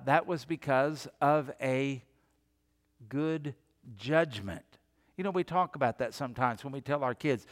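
A man's voice: fairly high pitch, long reverb tail. A middle-aged man preaching a sermon as a pastor, emphatic, asking his congregation questions and answering them himself.

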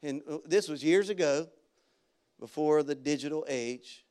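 A male pastor delivering a sermon with a fairly high-pitched voice. He preaches in a loose, storytelling way with casual slang and now and then breaks into loud, energetic shouts. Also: unhurried, clean tone. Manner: animated preaching that jumps into loud shouted bursts. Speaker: guest pastor.

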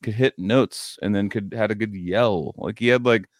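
A man's voice: on the low side, normal speed, no echo, studio quality. A man hosting a podcast in a casual chat, rambling and laughing through stories, swearing freely. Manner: rambling, laughing storyteller, heavy cursing. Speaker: podcast host.

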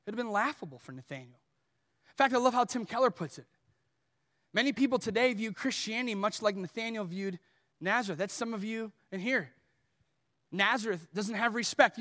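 A man preaching a sermon, animated, swinging between loud emphatic lines and soft low ones. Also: normal speed. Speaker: pastor. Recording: long hall reverb.

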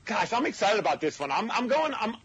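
A man chatting casually as a co-host, excitable and rambling. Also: high-pitched, fairly quick, breathy edge. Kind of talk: casual chat.

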